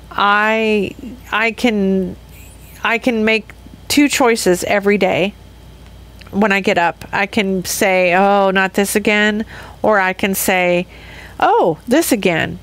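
A middle-aged woman hosting a podcast, talking through a personal reflective monologue in a rambling, self-interrupting way with frequent laughs. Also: medium pitch. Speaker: podcast host.

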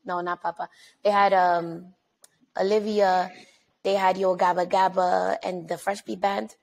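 Chatty woman podcast host, slightly gravelly. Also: fairly low pitch, little pitch movement, low-quality recording. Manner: chatty storyteller, quick asides. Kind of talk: casual chat.

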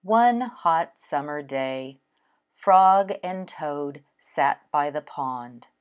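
Slow, expressive woman storyteller. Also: low voice, clear, resonant tone, dull audio. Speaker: storybook reader. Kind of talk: children's story read-aloud.

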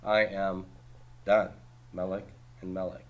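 A man teaching a class, reviewing homework by asking brisk questions and cracking dry jokes. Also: deep voice, flat delivery, lo-fi sound. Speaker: Hebrew teacher.

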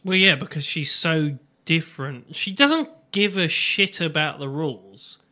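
A man's voice: fairly high pitch, measured pace, pushed and bright. A man co-hosting a podcast, interjecting often and swearing freely in casual banter. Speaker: podcast co-host.

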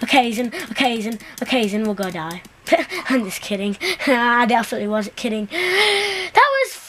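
A woman giving casual, excitable, self-mocking commentary while playing a video game at home. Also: fairly high pitch, a little fast, low-quality recording. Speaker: gameplay commentator. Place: home, seated at computer. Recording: loud background noise.

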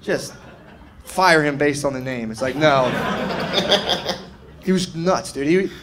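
A man in his thirties tells stand-up stories with an easy, rambling delivery. His voice sits a little high for a man, and he keeps slipping into the people he quotes. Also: slow, background noise. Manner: laid-back, peppered with "dude" and "man", acts out quotes. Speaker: stand-up comedian. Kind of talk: stand-up storytelling. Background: audience laughter.

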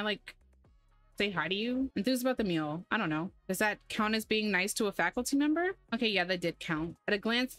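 A woman's voice: mid-range voice, a bit bright. A woman hosting a gaming channel, giving chatty, sarcastic, easily exasperated commentary while she plays. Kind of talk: casual gameplay commentary.

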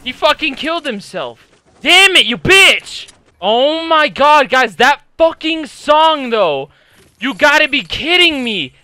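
A young man giving casual, excitable gameplay commentary as a gaming YouTuber, swearing constantly and shouting when hyped. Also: very high voice, a little slow, no echo.

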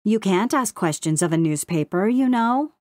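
A woman's voice: mid-range voice, animated, moderate pace, darkish tone, dry recording, studio quality, natural voice. A woman voicing a fussy male crow who reads out the news in a sing-song, clipped delivery. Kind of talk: audiobook character voice.

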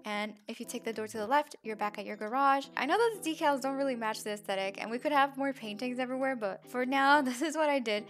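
A woman with a fairly high voice chats through a game build over a desk mic. Her commentary is casual and upbeat, with quick giggles between remarks. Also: fairly bright tone.

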